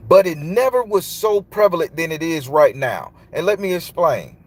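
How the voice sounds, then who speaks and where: A man's voice: on the high side, animated, normal speed. A man, a tarot reader telling a long, loose, profane story in casual monologue. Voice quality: loose, profane, emphatic delivery.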